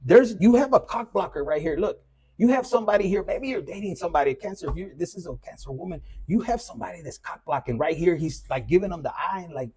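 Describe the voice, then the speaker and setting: A man's voice: sits high, animated, fast talker, darkish tone, breathy edge. A man giving a loose, profane, casual collective tarot reading. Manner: loose and profane, with Spanish slang mixed in. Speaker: tarot reader.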